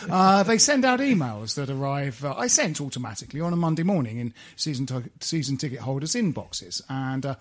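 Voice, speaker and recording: Dry-witted man with a lively voice. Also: medium pitch, brisk, hardly any pauses. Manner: dry, wordy, deadpan wit. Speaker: podcast host. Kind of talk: casual football podcast chat.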